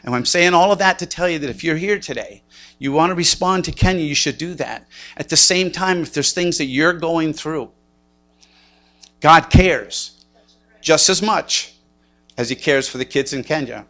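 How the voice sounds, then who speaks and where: Pastor, man in his 60s, bright and slightly high-pitched, self-mocking storyteller from the pulpit. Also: moderate pace. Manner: storytelling, self-mocking, with quoted inner thoughts. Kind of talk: sermon.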